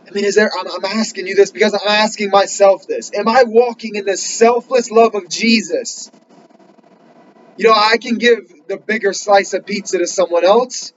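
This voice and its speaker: Earnest male preacher, high-pitched, builds to emphatic questions and reads scripture slowly; muffled recording. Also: slight background noise. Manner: reads scripture slowly in King James wording. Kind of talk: sermon.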